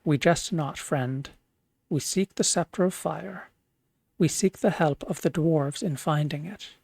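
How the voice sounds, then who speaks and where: Grand old wizard, slow and stately, dry sound, streamer-voiced. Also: medium pitch, creaky, darkish tone, dry recording. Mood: calm. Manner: grave, stately. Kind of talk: reading game dialogue aloud.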